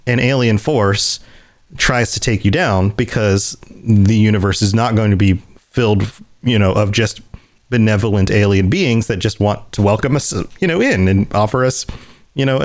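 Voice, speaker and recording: A man co-hosting a casual podcast chat, animated and quick to laugh, breaking into silly voices to act out characters. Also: on the low side. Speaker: podcast co-host.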